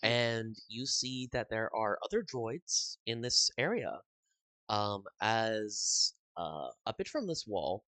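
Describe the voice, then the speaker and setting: A man narrating as game master of a tabletop game, halting and filling pauses with uhs. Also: on the low side, very animated, bright, forceful tone, no echo. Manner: halting, full of uhs and restarts.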